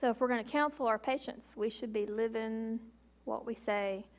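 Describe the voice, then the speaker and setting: A woman in her forties, an emergency physician, giving an emphatic public talk with slow, deliberate pauses. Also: a little high, steady tone.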